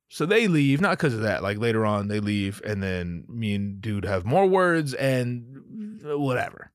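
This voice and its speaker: A man hosting a podcast tells a story in a casual, cussing way and laughs along with it. His middle-pitched voice rises and falls a lot. It is recorded close to the mic in a dry, dead space. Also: unhurried, hardly any pauses, no echo. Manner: animated, profane, laughs while telling stories. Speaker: podcast host.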